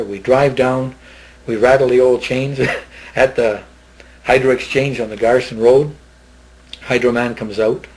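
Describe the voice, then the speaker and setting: A man's voice: medium pitch, darkish tone, rough recording. An older man recounting something he witnessed long ago, in a rambling, plain voice. He keeps circling back and repeating himself, with plenty of fillers and restarts in his storytelling. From Northern Ontario, Canada. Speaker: eyewitness interviewee.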